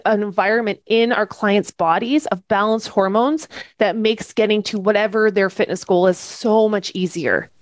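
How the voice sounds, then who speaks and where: A woman's voice: mid-range voice, no echo. Upbeat woman teaching a fitness class. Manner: enthusiastic, checks in often with "okay?" and "right?". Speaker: fitness coaching instructor. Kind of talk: live online training class. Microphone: webcam setup.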